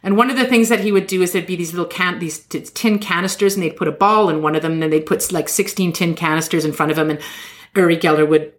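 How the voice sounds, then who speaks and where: A woman's voice: fairly low pitch, fast. Chatty woman retelling a story. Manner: animated, acts out quoted people in lively voices. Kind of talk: casual storytelling chat.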